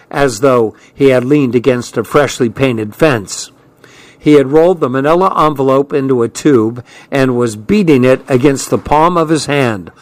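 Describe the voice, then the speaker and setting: A man reading a first-person story aloud as an audiobook narrator, with steady storytelling delivery. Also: mid-range voice, dry recording. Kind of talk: scripted narration.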